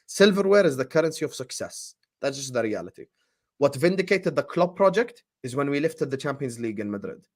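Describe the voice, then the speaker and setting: A man co-hosting a football fan livestream, reading super chats with slangy, animated banter. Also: mid-range voice, a little fast. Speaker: football show co-host.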